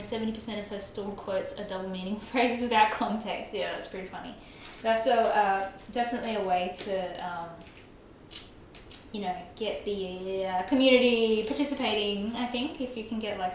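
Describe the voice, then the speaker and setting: A woman's voice: mid-range voice, moderate pace. A young woman livestreaming a game, chatting casually with her chat, self-mocking and laughing often. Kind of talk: casual chat while gaming, reading chat. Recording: very echoey room, faint noise.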